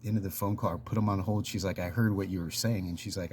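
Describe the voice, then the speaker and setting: A man's voice: low voice, fairly even intonation, fairly quick, darkish tone, slight background noise. A man casually telling a personal story in a chatty, rambling way, full of fillers and little laughs.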